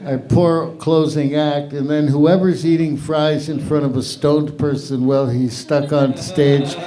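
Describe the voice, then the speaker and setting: A man's voice: fairly high pitch, fairly even intonation, a little slow, dark tone. A middle-aged man hosting an open mic, telling a long stand-up joke in a rambling, profane way with lots of self-interruptions. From half English, half Irish. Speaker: open mic host and comedian. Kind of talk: stand-up comedy. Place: live comedy venue with audience.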